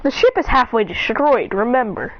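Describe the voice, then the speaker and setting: Narrator: woman, high lively voice, rambling excited fan-story retelling, dull lo-fi recording. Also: moderate pace, a little hiss or hum.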